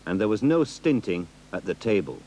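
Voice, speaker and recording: Man narrating a documentary, lively intonation. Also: lowish voice, moderate pace, a little hiss or hum. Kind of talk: scripted narration.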